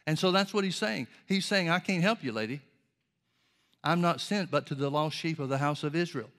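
A man preaching a sermon, explaining scripture in a measured way and reading old-style Bible verses aloud. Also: on the high side, fairly even intonation, a bit bright.

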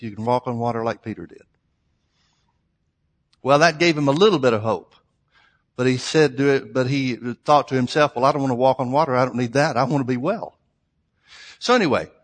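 Reading scripture aloud, a man preaches a sermon and retells a story with fillers and restarts. His voice is medium-pitched and a bit bright, heard with long hall reverb.

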